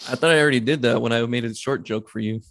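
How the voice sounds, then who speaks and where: A man's voice: medium pitch, racing, fairly bright tone, no echo. A young man in casual chat, making teasing, dry comebacks.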